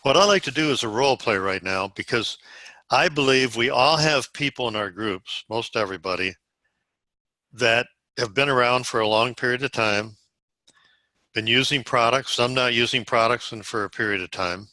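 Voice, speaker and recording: A man's voice: medium pitch, moderate pace, pushed and bright, no echo. A man leading a sales group over a video call, walking them through phone scripts step by step in an instructive way. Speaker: sales team leader.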